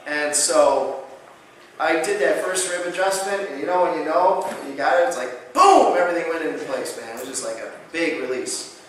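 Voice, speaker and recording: Animated man lecturing in an echoey hall. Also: a little high, moderate pace, far from the mic, a little hiss or hum. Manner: animated storyteller acting out dialogue. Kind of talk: conference lecture with patient stories. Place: large conference hall.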